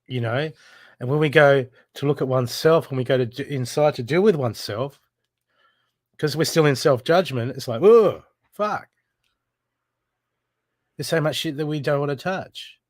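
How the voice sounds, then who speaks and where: A man's voice: mid-range voice, fairly quick, no echo, clean studio sound. A man giving a live intuitive reading, blunt and urgent, swearing freely as he presses the listener to heal. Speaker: spiritual reader.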